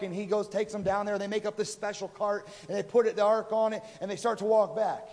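A man's voice: high-pitched, steady tone, fast, hardly any pauses, a little mellow. A man preaching a sermon, retelling a story in a casual, conversational way and voicing the people in it. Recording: reverberant hall.

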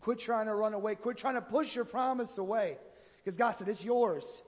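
A man preaching a sermon, moving between quiet pleading and loud exhortation. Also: high-pitched, moderate pace. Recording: long hall reverb.

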